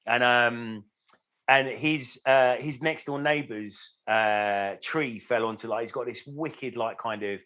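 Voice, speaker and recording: A man's voice: medium pitch, takes it slowly, bright, forceful tone. A man telling stories in a casual podcast chat, full of fillers, restarts and swearing. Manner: rambling storyteller with lots of fillers and swearing. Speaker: podcast co-host.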